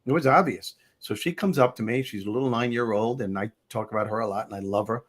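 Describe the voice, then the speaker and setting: An older man hosting a casual talk show, telling stories in an animated way and acting out the people in them. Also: lowish voice, fast talker. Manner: animated storyteller, acts out characters. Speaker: host.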